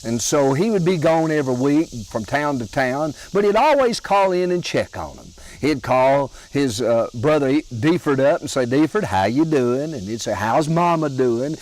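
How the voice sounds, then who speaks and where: An older man from Alabama with a Southern accent, telling homespun humorous stories in a slow, drawling way with chuckles. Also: medium pitch, very animated, darkish tone, low-quality recording. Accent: Southern American. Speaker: storyteller. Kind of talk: folksy humorous storytelling.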